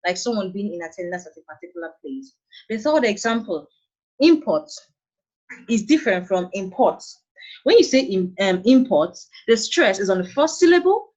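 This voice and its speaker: A woman with a Nigerian accent teaching an online English lesson, patient and repeating her points. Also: medium pitch. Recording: dull lo-fi online class audio.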